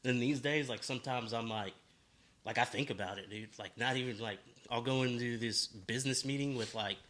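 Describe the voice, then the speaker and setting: A man's voice: medium pitch, fairly quick, fairly bright tone. A man speaking as a podcast guest in a loose, rambling way, full of fillers and casual swearing. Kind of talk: casual conversation.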